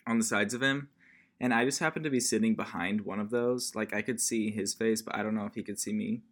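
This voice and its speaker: A man co-hosting a casual podcast chat, telling an animated story and laughing often. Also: on the low side, brisk. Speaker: podcast co-host.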